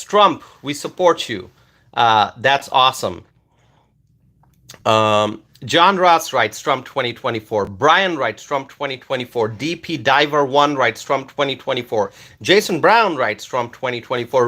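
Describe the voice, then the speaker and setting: Animated man. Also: mid-range voice. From Bangladesh. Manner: animated, loud at times, with many fillers and repeated words. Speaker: livestream host reading chat. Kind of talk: casual livestream chat.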